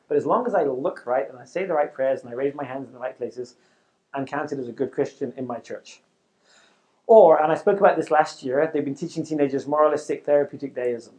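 Animated middle-aged male youth minister. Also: medium pitch, brisk. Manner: animated and conversational, with restarts. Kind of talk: talk to youth workers. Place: talk in front of a live audience.

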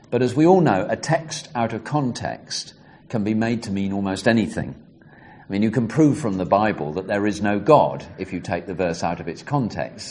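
A man teaching how to read the Bible in context, explaining in a measured way and reading passages aloud with emphasis. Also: lowish voice, darkish tone. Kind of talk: teaching talk on interpreting scripture.

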